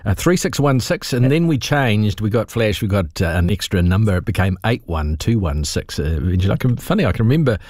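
A man's voice: fairly low pitch, big pitch swings, brisk, few pauses, darkish tone, no echo. Guy on talk radio, jokey, reminiscing, dry close mic. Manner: reminiscing, joking. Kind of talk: talkback radio chat.

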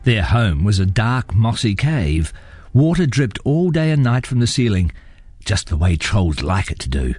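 A man reading a children's story aloud with expressive delivery. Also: fairly low pitch, a little slow, husky, no echo. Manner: expressive, animated.

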